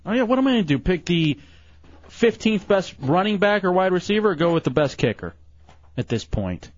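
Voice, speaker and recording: Teasing radio host with a lively voice. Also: male voice, sits high, fairly quick, dry recording. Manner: teasing, laughs often, runs the draft. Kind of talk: casual radio banter. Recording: dull lo-fi radio recording.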